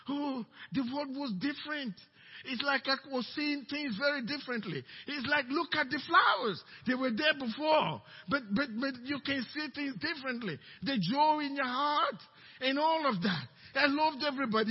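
A male pastor preaching a sermon with passion, moving between loud exclamations and soft asides. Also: extremely high pitch. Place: church sanctuary. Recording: dull sound, long reverb of a church hall.

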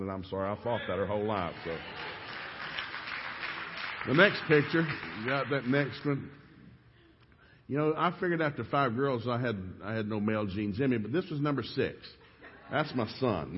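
A middle-aged man from East Tennessee with a Southern accent, telling stories fast and with animation in a sermon. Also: medium pitch, a little hiss or hum. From East Tennessee, USA. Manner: fast-talking, animated storyteller. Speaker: preacher. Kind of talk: storytelling sermon. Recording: dull echoey church recording.

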